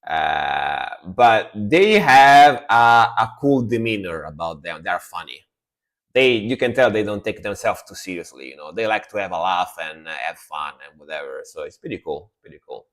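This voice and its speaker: Man, music reaction streamer, relaxed rambling chat, animated pitch. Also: normal speed. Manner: laid-back, rambling, trails off quietly. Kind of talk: casual live-stream chat.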